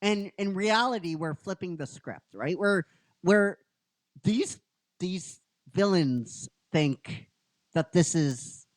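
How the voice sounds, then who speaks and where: Casting: unhurried male host, rambling recap, lively pitch, lots of fillers. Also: dry recording. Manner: rambling, filler-heavy, keeps asking "right?". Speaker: podcast host and episode writer. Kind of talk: casual chat recapping a story.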